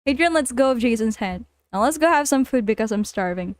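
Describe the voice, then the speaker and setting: A high-pitched woman streamer chats casually and breaks into giggles often, repeating herself as she reacts. Her voice is close and dry, with no room sound around it. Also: a little fast, clean tone, no echo. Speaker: vtuber streamer. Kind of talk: casual livestream reading and commenting.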